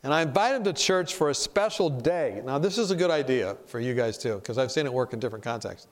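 A man of ordinary pitch leads a conversational sermon, blunt and direct in his delivery. He teaches through personal stories and keeps turning to his listeners with questions. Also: expressive, fast talker. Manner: direct, storytelling, asks the audience questions. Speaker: preacher teaching a class.

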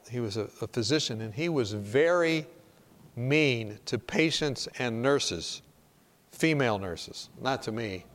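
Male preacher, mid-pitched, talks straight and plain, tells anecdotes and quizzes the room. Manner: direct, storytelling, asks the audience questions. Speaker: preacher teaching a class. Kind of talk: conversational sermon with stories.

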